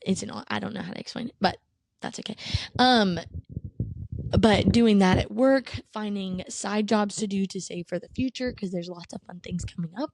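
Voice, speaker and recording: A woman's voice: medium pitch, a little mellow, no room sound, clean studio sound. A woman in her twenties hosting a podcast, sharing a personal faith testimony in an earnest, emotional, rambling way. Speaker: podcast host. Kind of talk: casual faith testimony monologue.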